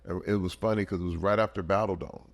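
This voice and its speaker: A man in his fifties, a podcast guest, telling stories in an emphatic, animated way in casual conversation. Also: sits low, quick pace. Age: 50s.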